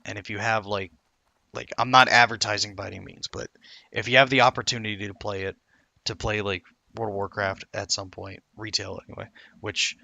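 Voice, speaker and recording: A man's voice: fairly low pitch, creaky, pushed and bright, no echo. A man giving casual, rambling commentary while playing a game, muttering asides and cracking jokes. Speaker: gaming YouTuber.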